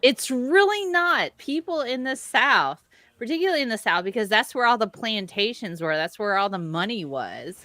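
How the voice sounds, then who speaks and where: A woman chatting on a livestream with giggly, loud, joking banter. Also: on the high side, very animated, normal speed, no echo. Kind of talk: casual group chat on a livestream.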